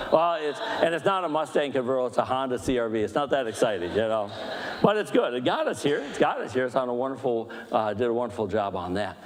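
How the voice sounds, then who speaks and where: Fast-talking man leading a church talk. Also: mid-range voice, in a large hall. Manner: fast-talking, animated, self-deprecating humor. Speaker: book discussion leader. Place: church hall.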